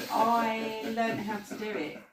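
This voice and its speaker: A woman guest, a psychic medium, answering interview questions in a soft, hesitant way. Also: a little high. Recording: echoey room, far from mic, background noise.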